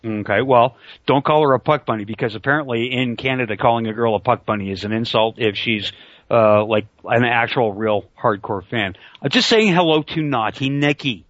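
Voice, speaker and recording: A man's voice: mid-range voice, moderate pace, fairly bright tone, no echo. A middle-aged man hosting an online talk radio show, rambling and joking crudely over a call mic. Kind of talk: casual talk radio banter. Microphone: computer call mic. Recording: dull lo-fi online call audio.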